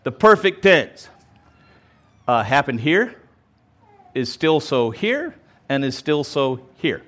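A male pastor speaks at a medium pitch and slow pace, teaching the Bible verse by verse in a sermon. He's animated and emphatic, explaining and repeating points, with casual asides and frequent restarts.

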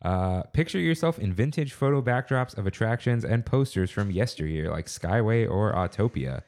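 A man with a fairly low voice co-hosts a laid-back podcast. He reads headlines aloud and breaks off into wry, incredulous asides. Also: animated, moderate pace, darkish tone. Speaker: podcast co-host. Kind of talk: casual chat and reading headlines.

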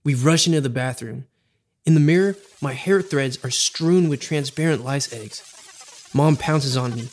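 A man narrating a scripted comic story as the host, delivered in a dramatic, deadpan way with bits of rhyme. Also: mid-range voice, moderate pace, slight background noise.

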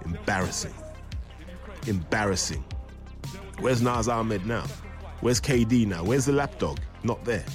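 A man's voice: lowish voice, lively intonation, unhurried, pauses often, soft background music. A man giving blunt, scornful commentary over boxing footage. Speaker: boxing analyst.

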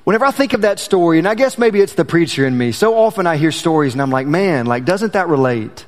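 A man's voice: a little high, lively intonation, fast talker, big-room sound. A male preacher telling a personal story in a folksy way, calling the congregation y'all, then moving into a sermon.

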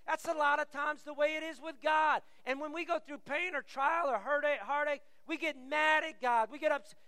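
A man's voice: very high-pitched, normal speed, bright, forceful tone, dry recording, in a large hall. A middle-aged man preaching a sermon as pastor, telling stories with animation and acting out the voices he quotes.

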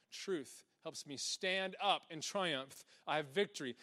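A man preaching a lively sermon, animated, often laughing and acting out little voices. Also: a little high, normal speed, hardly any pauses.

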